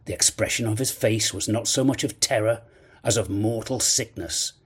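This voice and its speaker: A man narrating a classic adventure novel in a measured storytelling manner. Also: fairly low pitch, husky. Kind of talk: audiobook narration.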